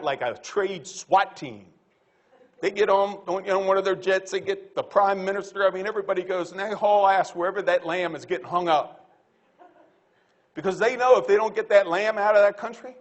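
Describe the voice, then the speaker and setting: A man speaking as a panelist at a livestock conference, blunt and folksy, animated, with quick quips. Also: high voice.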